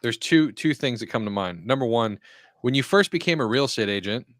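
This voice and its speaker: A man co-hosting a casual podcast, giving advice in a measured way with some ums and restarts. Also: medium pitch, animated, dry recording, studio quality. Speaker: podcast co-host.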